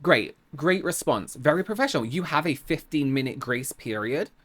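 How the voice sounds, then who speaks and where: A woman's voice: low voice, animated, normal speed, breathy edge. A woman with an English accent hosting a reaction video, commenting in a sarcastic, exasperated way.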